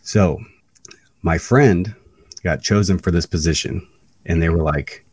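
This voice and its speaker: A man, an independent wrestler, telling stories as a podcast guest in an animated way, acting out other people's lines. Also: low-pitched, measured pace, slightly rough, no echo, clean studio sound, recorded from a distance. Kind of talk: casual storytelling interview.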